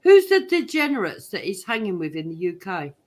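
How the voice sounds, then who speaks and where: A woman's voice: medium pitch, very animated, a little fast. A woman speaking bluntly and scornfully in a heated online panel debate, swearing freely.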